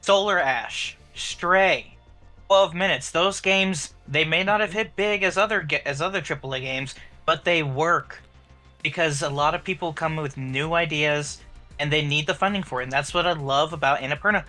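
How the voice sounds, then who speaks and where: A man's voice: a little high, moderate pace, sharp tone, faint music behind. A young man co-hosting a podcast in casual chat, talking eagerly and jokingly, often trailing off mid-thought. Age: young adult. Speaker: podcast co-host.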